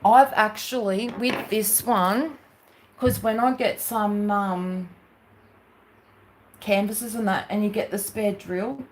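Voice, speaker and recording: A woman's voice: mid-range voice, fairly even intonation, slow. Chatty Australian woman rambling on a craft livestream. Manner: chatty and rambling, with many fillers and asides to viewers. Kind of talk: casual chat while crafting on a livestream.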